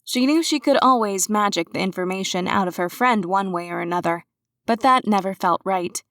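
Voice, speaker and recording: A woman reading a cozy mystery novel aloud in an even, measured storytelling voice. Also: medium pitch, no room sound. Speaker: audiobook narrator. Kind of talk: scripted narration.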